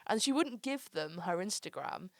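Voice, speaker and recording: A woman's voice: medium pitch, expressive, normal speed, no room sound, studio quality. A woman from England in her twenties, hosting a casual chat and telling stories, full of "like" and "um". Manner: chatty storyteller, lots of "like" and "um". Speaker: podcast host.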